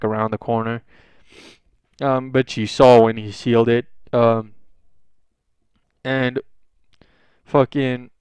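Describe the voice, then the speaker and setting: A man's voice: mid-range voice, darkish tone, smooth, dry recording. A young man casually improvising a fan fiction story, rambling with lots of swearing and fillers.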